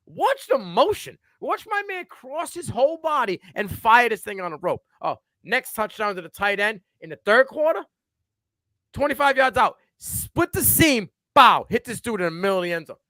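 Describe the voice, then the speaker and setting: A male co-host giving animated, profane takes on a sports talk livestream. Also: extremely high pitch, normal speed, no echo, clean studio sound.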